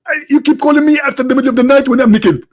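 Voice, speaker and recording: A man's voice: extremely high pitch, rapid-fire, pitched above the performer's own voice. A man doing a mocking impression of an indignant, self-righteous male preacher who scolds and huffs defensively. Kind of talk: mocking impression in a live-streamed debate.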